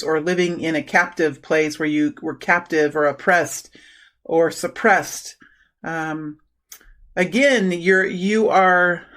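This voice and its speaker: A middle-aged woman giving an intuitive tarot reading, talking slowly and haltingly with many fillers and restarts. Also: fairly low pitch, fairly bright tone. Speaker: tarot reader.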